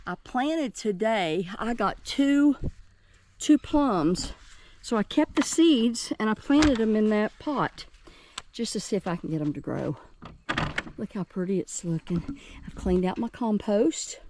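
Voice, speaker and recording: A woman's voice: mid-range voice, expressive, measured pace, a little mellow, slight background noise. Chatty woman touring her garden. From West Virginia, USA. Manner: chatty, cheerful, keeps addressing viewers. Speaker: gardening vlogger. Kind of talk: casual garden tour vlog. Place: outdoors in a home garden.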